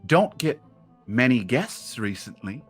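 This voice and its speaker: A man's voice: medium pitch, sing-song, slow pace, slightly rough, soft background music, heavily acted. A man doing a courteous, formal host. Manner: courteous, welcoming. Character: male host Heretic Portvane, polite and formal.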